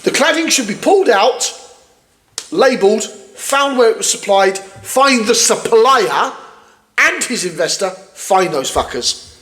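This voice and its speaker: A man's voice: sits high, animated, measured pace, a bit bright. A man co-hosting a podcast, reading news aloud and ranting angrily with lots of swearing. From United Kingdom. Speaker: podcast co-host. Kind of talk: casual ranting political chat.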